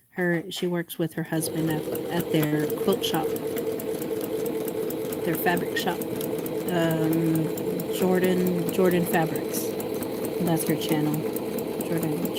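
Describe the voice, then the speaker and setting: A woman talking casually to herself while she sews, chatty and laughing often. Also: deep voice. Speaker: quilting vlogger. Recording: sewing machine noise behind.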